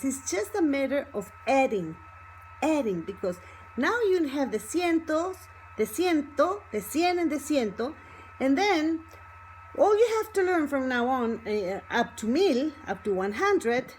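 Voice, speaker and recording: Patient high-voiced Spanish teacher woman. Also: slight background noise, poor audio. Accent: Mexican Spanish. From Mexico. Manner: patient, repeats examples and checks in with "okay?". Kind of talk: online language lesson.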